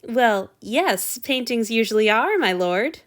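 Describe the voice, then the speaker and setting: A woman's voice: on the high side, lively intonation, takes it slowly, fairly bright tone, pitched above the performer's own voice. A woman voicing a prickly young male lord who talks in a dry, snappish way. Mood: teasing.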